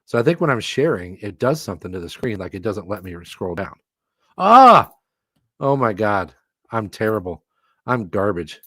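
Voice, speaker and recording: An excitable middle-aged man commentates live for his viewers, laughing at his own mistakes. His pitch swings widely as he gets fired up. The sound is dry and close, with no room around it. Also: normal speed, slightly rough, no room sound. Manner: excitable, self-mocking, laughs often. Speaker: livestream host commentating a fantasy football auction.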